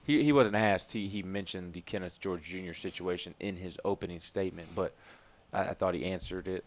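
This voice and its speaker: Man, sports talk co-host, casual, very low voice. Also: fairly quick.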